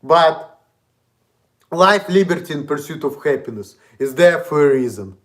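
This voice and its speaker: Russian accent guy on a stream, kinda high voice, angry repetitive ranting with lots of cursing. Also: animated, measured pace. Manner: indignant, profane and repetitive. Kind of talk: ranting monologue.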